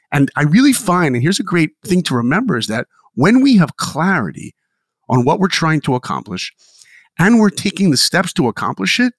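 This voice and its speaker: Animated man with a gravelly voice. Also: medium pitch, dry recording, clean studio sound. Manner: animated and enthusiastic. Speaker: podcast guest. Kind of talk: motivational storytelling.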